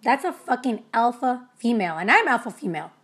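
A young woman with a high, bright-sounding voice talks straight to her listeners in a loose motivational monologue. She is blunt and profane, and she tells her stories with plenty of animation, like an energy healer talking about running her own business. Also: very animated, brisk, slightly rough.

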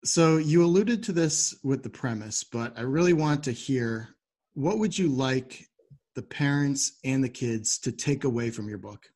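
A man hosting a podcast interview, easygoing and quick to laugh as he asks questions. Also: mid-range voice, expressive, a little mellow. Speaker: podcast host. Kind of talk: casual interview.

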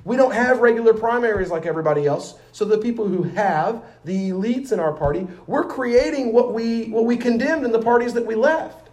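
A high-voiced man rants about party politics with blunt, profane emphasis and keeps hammering one slogan. His voice rings in a roomy space that echoes around him. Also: fairly quick, few pauses, darkish tone. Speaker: libertarian activist guest. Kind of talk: heated political talk.

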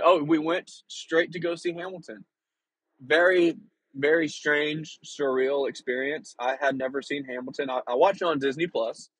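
A young man tells a travel story in a loose, rambling way, circling back and restarting his sentences. His voice is husky and mid-pitched. The sound is dry and close. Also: no room sound, rough recording. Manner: rambling, lots of filler and restarts. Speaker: vlogger. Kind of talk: casual storytelling.

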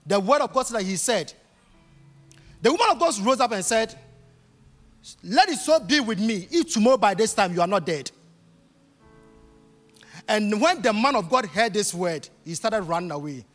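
A man's voice: high voice, big pitch swings, moderate pace, long pauses, fairly bright tone. A man preaching a sermon with emphatic, repetitive phrasing that swells into bursts. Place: church hall. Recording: reverberant hall with faint music.

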